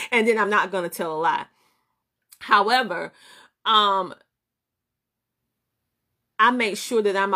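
A woman's voice: medium pitch, sharp tone. Emphatic Southern woman coaching. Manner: preachy and emphatic, repeating phrases for effect; greets viewers by name and laughs easily. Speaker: business coach and show host. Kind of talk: live-stream motivational talk.

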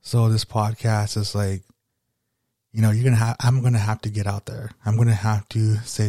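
A man's voice: lowish voice, level tone, moderate pace, warm tone, no echo, clean studio sound. A man hosting a solo motivational podcast, rambling and swearing casually as he talks. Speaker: podcast host.

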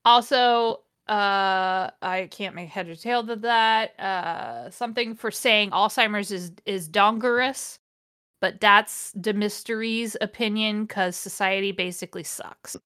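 A woman's voice: medium pitch, a little slow, bright, forceful tone, clear, resonant tone. A woman hosting a podcast, reading a fanfiction aloud in a casual comedic way, sardonic and often groaning at the text. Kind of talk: casual comedic read-along.

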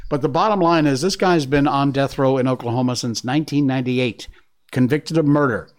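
A man's voice: medium pitch, fairly quick. A middle-aged man hosting an online news commentary show, emphatic and sarcastic, often laughing at the news he covers. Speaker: host. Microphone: studio mic with earpieces.

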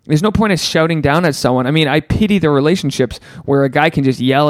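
A man hosting a podcast, giving casual advice and answering listener emails in an animated way, swearing freely and acting out the voices he quotes. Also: a little high, fast talker, few pauses, no echo, clean studio sound. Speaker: podcast host.

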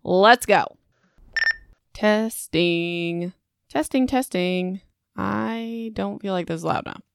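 A woman's voice: medium pitch, slow, vocal fry, clear, resonant tone, dry recording. Young woman rambling on her book podcast, laughs at her own flubs, dry close mic. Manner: chatty, self-mocking, laughs at her own slips. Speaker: podcast host. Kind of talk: casual book podcast chat and outtakes. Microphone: home podcast microphone.

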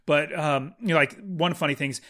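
A man's voice: fairly high pitch, moderate pace, bright, forceful tone. A man chatting casually and enthusiastically about a movie as a podcast co-host, rambling with frequent restarts.

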